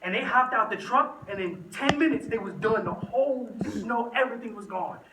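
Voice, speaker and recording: A young man tells a slangy, animated story to a youth group, recorded in an echoey room from a distance. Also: extremely high pitch, normal speed. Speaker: youth speaker. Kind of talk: storytelling talk to teens. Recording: echoey room, from the mic, faint noise.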